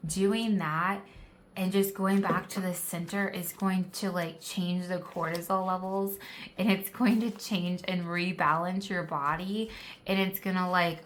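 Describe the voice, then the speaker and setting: A woman's voice: on the low side, fairly even intonation, unhurried, fairly bright tone, a little hiss or hum. A woman giving a casual tarot reading, chatty and encouraging, filling her talk with "like", recorded on a phone indoors. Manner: chatty and encouraging, many "like" fillers. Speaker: tarot card reader. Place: indoor room with a candle. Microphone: phone camera.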